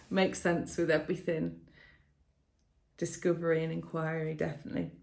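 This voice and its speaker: A woman giving a tarot reading to viewers in a casual, emotional way, often laughing softly and thinking aloud with fillers and restarts. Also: sits low, little pitch movement, moderate pace, vocal fry. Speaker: tarot reader.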